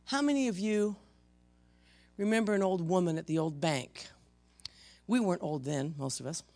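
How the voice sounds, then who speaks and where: A pastor preaching a sermon in church to the congregation, emphatic, swinging from loud rebukes to hushed intensity. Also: mid-range voice, moderate pace. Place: church service before a congregation.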